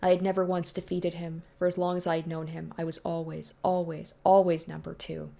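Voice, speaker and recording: A woman's voice: on the low side, little pitch movement, fairly quick, gravelly, warm tone. A woman reading as a brooding young lord. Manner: brooding, first-person storytelling. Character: young male ruler, proud and haunted. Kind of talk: reading a visual novel aloud.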